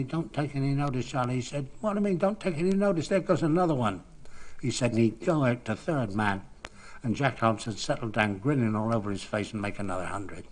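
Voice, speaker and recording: A man in his sixties, a cricket broadcaster, telling anecdotes in an unhurried, gently amused way and relishing quoting other people. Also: medium pitch. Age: 60s. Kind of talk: anecdotal storytelling.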